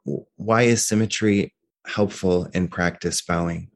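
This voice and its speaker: A man's voice: low-pitched, fairly even intonation, measured pace. A man asking his meditation teacher a careful, slightly hesitant question.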